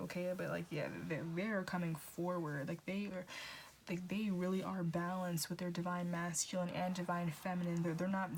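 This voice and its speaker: Woman tarot reader, lower voice, chatty and swearing, faint noise on the track. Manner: animated, repetitive, profane, often restarting words. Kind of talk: casual tarot reading.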